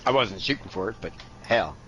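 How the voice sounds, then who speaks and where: A man's voice: fairly low pitch, expressive, a little fast, a bit bright, dull audio, slight background noise. A man, chatting and joking with racing friends over a headset. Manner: chatty, jokey. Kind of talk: casual chat among sim racers.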